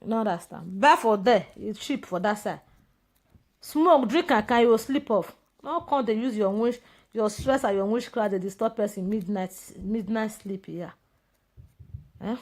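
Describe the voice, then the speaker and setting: In a loose, mocking monologue, a woman with a Nigerian Pidgin English accent goes after a rival and talks to her viewers along the way. Her voice is mid-range with a darkish tone, and the whole thing is a casual ranting monologue.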